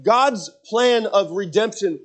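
A man preaching a sermon, moving from quiet personal storytelling to loud, emphatic preaching and reading scripture aloud. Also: sits high, slow. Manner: reads scripture in King James wording. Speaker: pastor.

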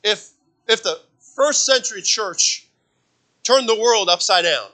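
A man preaching a sermon as pastor, repeating phrases for emphasis and swinging between loud emphatic peaks and hushed low passages. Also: expressive, measured pace. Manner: repeats phrases for emphasis, asks the congregation for amens.

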